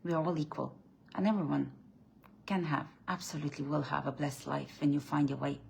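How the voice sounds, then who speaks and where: A woman giving a blunt, preachy faith talk as a spiritual coach, swinging from loud emphatic bursts to low quiet lines, often restarting and repeating words. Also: steady tone, fairly quick, creaky, a little hiss or hum.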